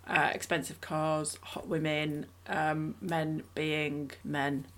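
A woman's voice: low-pitched, little pitch movement, slow, fairly bright tone. A woman casually chatting on a podcast, recapping a film in a rambling, self-mocking way. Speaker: podcast co-host reviewing a film. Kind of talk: casual chat.

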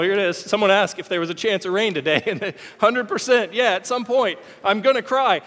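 A man's voice: high voice, brisk, few pauses, a bit bright. A male pastor in his thirties giving a sermon in a church, talking candidly and casually with some self-deprecating humor. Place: church hall. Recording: long reverb of a large hall.

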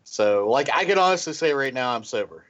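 A tipsy man rambles through a casual podcast talk, repeating words and tripping over his tongue. His pitch is middling. The sound is dull and lo-fi. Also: expressive, a little fast, a bit bright. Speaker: podcast co-host, guest. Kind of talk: casual chat.

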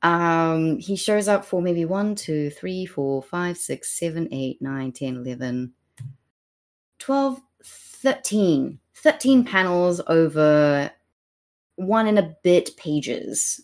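Slow-talking, chatty woman co-host. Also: on the low side, lively intonation, a little mellow. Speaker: podcast co-host. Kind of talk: casual discussion of a comic.

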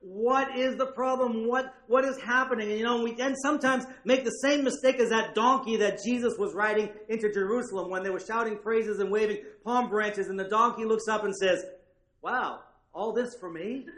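High, bright-voiced male pastor preaching. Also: fairly even intonation, a little fast, hardly any pauses, echoey room. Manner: conversational preaching with frequent asides and check-ins. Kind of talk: sermon.

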